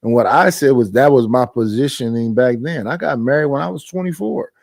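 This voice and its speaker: A man's voice: mid-range voice, fairly quick, vocal fry, no room sound. A middle-aged man talks through a casual stream chat in a mid-range voice. He speaks emphatically, circling back and repeating his points. The sound is dry and close. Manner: emphatic, animated storytelling with frequent repetitions. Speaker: stream host.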